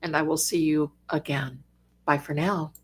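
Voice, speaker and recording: An older woman hosting a psychic live stream in casual, affectionate chat, calling her viewers darlings, with bursts of lively excitement. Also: sits low, moderate pace, slightly rough. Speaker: psychic livestream host.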